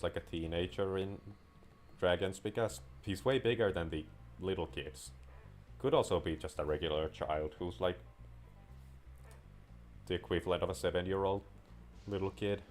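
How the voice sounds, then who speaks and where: This gaming YouTuber has a low-pitched, slightly mellow voice. He rambles and jokes through casual, playful commentary on his gameplay.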